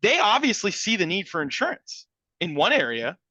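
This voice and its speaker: Bright, lively man on dull lo-fi audio. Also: high voice, normal speed, no room sound. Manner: enthusiastic, stammering restarts. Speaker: insurance sales pro. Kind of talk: webinar discussion.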